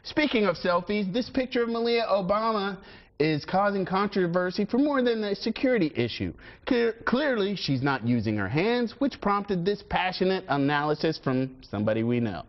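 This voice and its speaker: Animated jokey TV co-host. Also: mid-range voice, normal speed. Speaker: morning show co-host. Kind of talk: casual news banter. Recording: dull lo-fi broadcast audio with faint music.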